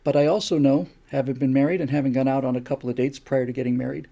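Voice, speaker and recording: Older guy ranting on his live stream, gravelly husky voice, keeps throwing rhetorical questions. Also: medium pitch, steady tone, fast, mellow. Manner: rhetorical, lecturing, fires off repeated questions. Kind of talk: opinion monologue on a live stream.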